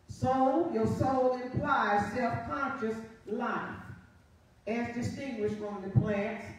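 A woman pastor preaches from the pulpit in a high voice, reading scripture and pausing often to ask "Amen?". She is picked up from a distance, and her words ring with heavy reverb through the church. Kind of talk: sermon. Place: church sanctuary. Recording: very echoey live church feed from afar.

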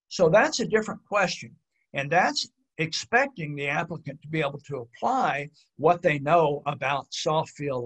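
Man, slightly high pitch, pilot examiner, webinar presentation, measured explanatory delivery, frequent fillers. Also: a bit bright, slightly rough.

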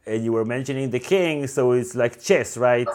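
A man's voice: mid-range voice, moderate pace, a little mellow. A man co-hosting a casual book discussion, talking enthusiastically with many fillers and reading passages aloud.

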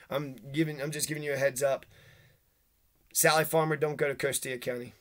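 A man in an agitated, profane rant, throwing accusations and rhetorical questions. His voice sits a little high and comes out bright and cutting. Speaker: vlogger. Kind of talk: angry rant to camera.

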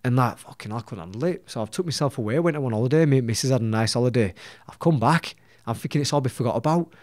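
A man's voice: mid-range voice, fast talker, darkish tone, no echo, clean studio sound. Blunt swearing Leeds man. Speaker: boxer, podcast guest. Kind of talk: casual storytelling.

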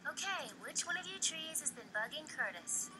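A woman voicing a calm young heroine while reading game dialogue aloud in a dry, deadpan way. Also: sits high, normal speed, soft background music, full character voice.

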